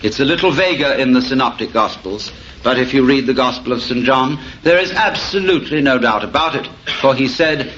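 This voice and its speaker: A man's voice: medium pitch, lively intonation, a little fast, a bit bright. A middle-aged man giving a public lecture to an audience, wry and storytelling. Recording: dull lo-fi tape of a lecture with faint hiss.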